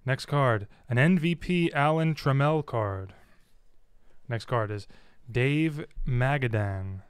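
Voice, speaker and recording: A man's voice: mid-range voice, slow pace, clean tone, dry recording. Dry-joking man listing cards. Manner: dry joking, lists cards one after another. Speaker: co-host opening card packs. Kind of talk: casual chat.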